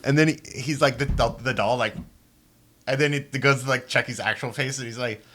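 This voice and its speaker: A man co-hosting a casual gaming podcast, excitable and swearing a lot, laughing as he tells stories. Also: medium pitch, a little fast, a little hiss or hum. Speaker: podcast co-host.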